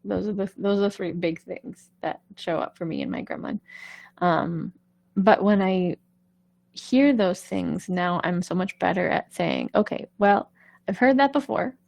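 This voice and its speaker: A woman coaching singers in a relaxed live-stream chat, her voice carrying a gravelly fry. She is chatty and reassuring, often checking in with the listener. The sound is close and dry, with no room around it. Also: lowish voice, unhurried, no room sound. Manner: chatty, reassuring, keeps asking "right?". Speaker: vocal coach.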